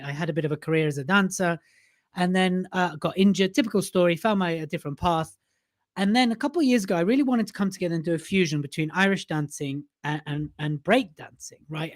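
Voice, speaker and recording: A man hosting a podcast, asking long, reflective questions in a casual chat. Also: fairly high pitch. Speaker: podcast host.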